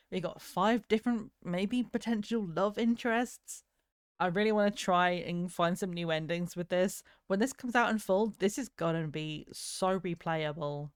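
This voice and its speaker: Brief: young female streamer, low-ish voice, excited and gushing, close dry mic. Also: smooth, no echo. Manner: gushing, excitable, swears casually. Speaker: game streamer. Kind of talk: let's play commentary.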